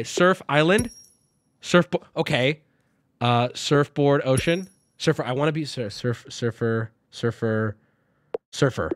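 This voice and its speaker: A man's voice: mid-range voice, lively intonation, measured pace, dry recording, studio quality. A man streaming a game, talking through each move aloud, swearing and breaking into sudden yelps. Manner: swears often, talks through moves out loud, with sudden yelps. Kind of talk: live-streamed game commentary.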